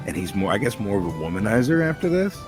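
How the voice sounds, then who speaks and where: A man hosting a casual podcast chat about a cartoon, rambling and excitable, swearing casually. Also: on the low side, fast, music in the background. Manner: rambling, excitable, swears casually, quotes scenes in put-on voices. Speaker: podcast host.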